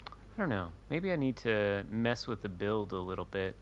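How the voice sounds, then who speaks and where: A man's voice: lowish voice, sing-song, normal speed, dull audio, a loud crowd. A man chatting casually during a game stream, laid-back and curious, swearing now and then. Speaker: streamer guest. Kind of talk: casual gaming chat.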